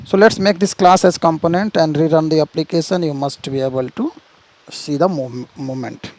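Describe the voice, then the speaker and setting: A man's voice: a little high, moderate pace, darkish tone, rough recording. A man teaching programming in a screen-share tutorial, walking through steps and checking in with "see" and "right?". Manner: explains step by step, repeats "see" and "right?", frequent restarts.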